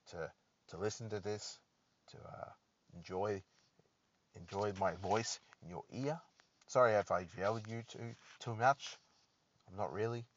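A man's voice: medium pitch, no echo. A man hosting a solo podcast, rambling and joking in a self-deprecating way. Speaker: podcast host. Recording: dull lo-fi dry recording.

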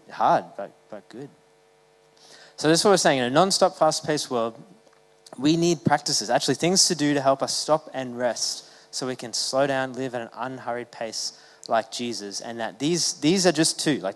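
Man preaching casually in a reverberant hall. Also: mid-range voice. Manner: casual, conversational preaching with fillers. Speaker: pastor. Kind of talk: sermon.

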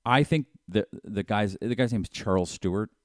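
A man's voice: fairly low pitch, normal speed, no echo, clean studio sound. A man in casual chat, rambling and swearing as he riffs on crime stories, slipping into comic impressions.

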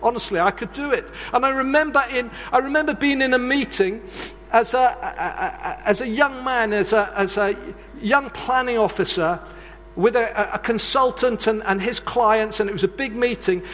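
A man's voice: very high-pitched, normal speed, a bit bright, a little hiss or hum. A man preaching a sermon, telling earnest, confessional stories from his own life. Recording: long reverb of a large hall.

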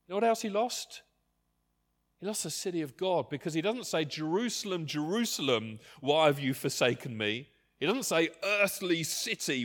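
Male pastor, sermon delivery, lively rising voice, passionate emphasis with hushed drops. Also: on the high side. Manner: passionate, rising to near shouts then dropping to quiet.

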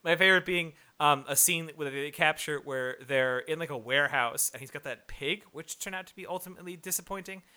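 Man, casual movie review chat, bright tone, a bit high, rambling, profane, lots of fillers. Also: fairly quick, few pauses, clean tone. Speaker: podcast co-host.

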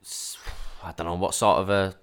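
A man with a low, gravelly voice co-hosts a podcast. He teases the others in dry, casual chat. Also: little pitch movement, normal speed, a bit bright. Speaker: podcast co-host.

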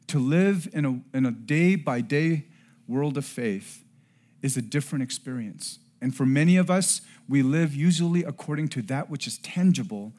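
A middle-aged man preaching a sermon and telling a personal story, earnest, rising to loud emphasis and dropping to hushed tones. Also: mid-range voice, lively intonation, moderate pace. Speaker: pastor.

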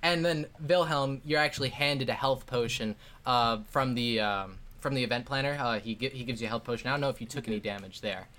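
A man's voice: mid-range voice, a little fast, few pauses, bright, forceful tone. A man narrating a tabletop game as game master in a casual, rambling way with many fillers.

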